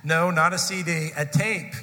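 A man's voice: fairly high pitch, fairly even intonation, moderate pace, sharp tone, faint music behind. A male pastor, probably in his forties, telling a humorous personal story to his congregation in a sermon. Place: church sanctuary. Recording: long hall reverb.

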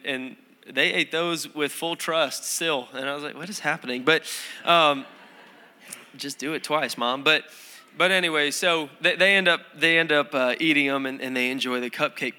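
A male pastor with a bright, ringing voice that sits a little higher than most men's. He preaches in a loose, conversational way, full of ums, restarts and self-deprecating jokes. His words carry the long reverb of a large church hall. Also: clean tone. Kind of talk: sermon.

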